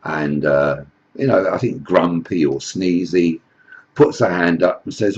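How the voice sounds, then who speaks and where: A man's voice: low-pitched, a little slow, breathy edge, highs cut off. A man telling a satirical comic story in a rambling, chatty way. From England. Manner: rambling, full of "you know" and "like".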